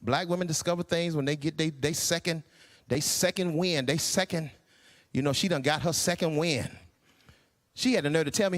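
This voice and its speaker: A man in his sixties performing a stand-up comedy routine, incredulous and animated. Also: a little high, moderate pace, big-room sound. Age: 60s. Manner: animated, incredulous, acts out voices. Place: church hall stage.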